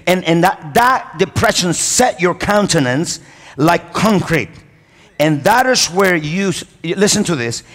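A male pastor preaching a sermon. He calls for amens and praise and often pauses and restarts with non-native phrasing. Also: fairly high pitch, fairly bright tone. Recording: reverberant church hall.

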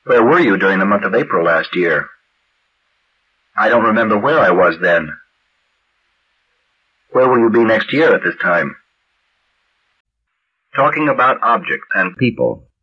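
Husky lively-voiced man reading drills. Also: on the low side. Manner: measured, carefully enunciated drill reading. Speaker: language teacher. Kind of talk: reading English drill phrases. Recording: dull lo-fi vintage recording.

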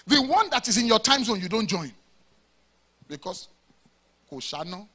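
A man's voice: high-pitched, big pitch swings, moderate pace, bright, forceful tone, husky. A Nigerian pastor preaching a sermon to his congregation, with emphatic, rhetorical questions. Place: church service before a congregation.

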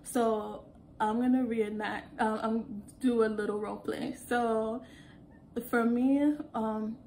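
A young woman telling work stories in an animated, casual way, laughing as she goes. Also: on the high side, slow pace, a little hiss or hum. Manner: animated, acts out quotes, laughs often. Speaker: call center worker. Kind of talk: casual storytelling vlog.

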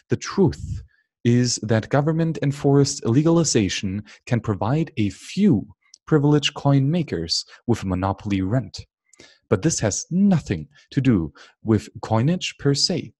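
A man's voice: medium pitch, darkish tone, breathy edge, no echo, studio quality. A man reading an economics book aloud, stumbling and restarting words now and then. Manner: unscripted reading with frequent slips and restarts. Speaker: audiobook reader.

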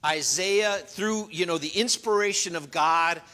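A middle-aged man preaching a sermon as pastor, earnest, shifting between loud emphasis and quiet, confiding storytelling. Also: high voice, a little slow. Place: church.

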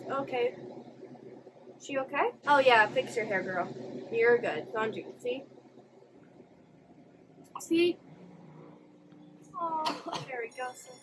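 A woman's voice: high-pitched, noisy background. A woman hosting an anime reaction video, exclaiming and gasping as she watches. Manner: expressive, exclaiming and gasping at the screen. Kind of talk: live reaction commentary.

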